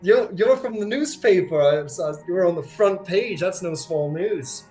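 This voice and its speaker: A man's voice: sits high, expressive, measured pace, mellow, soft background music, pitched above the performer's own voice. A man voicing a flustered male charmer in a put-on country drawl, clumsy and trying to seem formal. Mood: excited. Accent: put-on American country twang.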